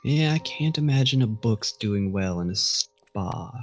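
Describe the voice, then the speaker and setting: A man's voice: fairly low pitch, animated, measured pace, soft background music. A man playing a tabletop game, thinking aloud in a cautious way. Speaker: player.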